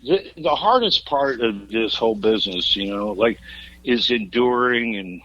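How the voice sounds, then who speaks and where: A man's voice: medium pitch, expressive, a little slow, bright, forceful tone, lo-fi sound, slight background noise. A rock singer in his fifties, a podcast guest, telling wild road stories in casual chat, laughing through them, swearing freely and cracking jokes. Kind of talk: raucous storytelling in casual chat.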